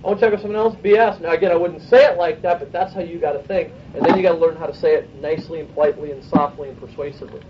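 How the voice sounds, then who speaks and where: A man with a high-pitched voice runs a sales training session for his team, coaching in a brisk way and asking rhetorical questions. He sits far from the mic, and the recording sounds dull and muffled. A faint room ambience hums behind him. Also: steady tone, background noise.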